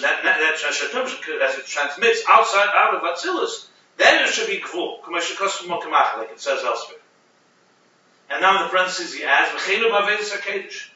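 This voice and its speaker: A man teaching a Chassidic text class, explaining with animated restarts and Hebrew terms. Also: fairly high pitch. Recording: muffled, echoey room, from a distance.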